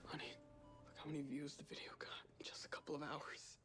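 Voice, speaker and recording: An actor playing a reckless young magician, speaking in hushed tones. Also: male voice, fairly high pitch, little pitch movement, fast talker, whispered. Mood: subdued. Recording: echoey drama clip with music.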